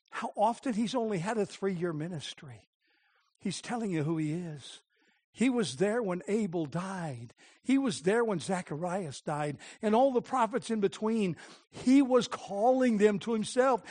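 A man preaching a sermon as pastor, impassioned, moving from hushed tones to crying out. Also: very high-pitched.

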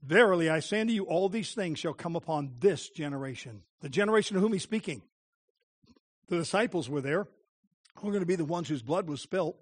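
A man preaching a sermon as pastor, impassioned, moving from hushed tones to crying out. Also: on the high side, expressive, fairly quick.

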